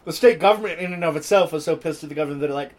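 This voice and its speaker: A man's voice: a little high, racing, poor audio. A man co-hosting a podcast, reading history notes aloud with irreverent, jokey asides. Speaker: podcast co-host. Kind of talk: casual chat and reading history.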